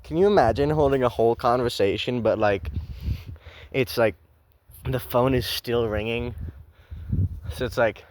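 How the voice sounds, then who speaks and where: A man's voice: mid-range voice, a little slow, long pauses, darkish tone. A man reading a horror story aloud for the first time, breaking off into sarcastic, profane, rambling commentary. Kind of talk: blind reading with comedic commentary.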